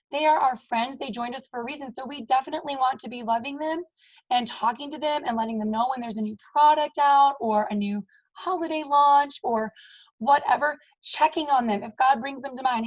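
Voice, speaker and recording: A woman's voice: a little high, low-quality recording. A woman in her thirties speaking on a team call with upbeat, emphatic motivational talk, often tagging her points with "okay?" and "you guys". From Maryland, US. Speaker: team leader.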